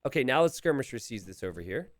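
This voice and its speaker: A man commentating a recorded strategy game match, animated and chuckling, calling out to the players. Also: medium pitch, quick pace, no room sound.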